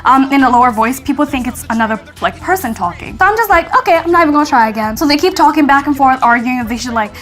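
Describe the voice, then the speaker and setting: A young woman casually telling a story to her viewers, chatty and animated, acting out what people said. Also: sits high, quick pace, few pauses, faint music behind. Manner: chatty, animated, acts out quotes, frequent "like".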